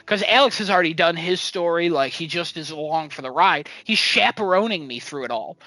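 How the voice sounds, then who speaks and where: A man's voice: high voice, normal speed, pushed and bright, no echo, rough recording. A young man casually telling a funny story about his video game, acting out quotes and laughing often. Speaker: podcast co-host.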